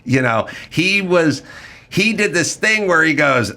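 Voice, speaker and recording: A podcast host with a sharp, animated voice on the high side riffs through a casual comedic rant. He's blunt and profane, tossing in quick mock impressions.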